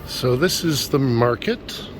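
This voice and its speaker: A man's voice: medium pitch, lively intonation, slow pace. Middle-aged man vlogging on a noisy street. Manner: reflective, conversational, thinking aloud. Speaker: vlogger and reporter. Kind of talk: walking vlog narration. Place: outdoors on city streets and in a market. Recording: noisy outdoor street ambience. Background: city traffic and street noise.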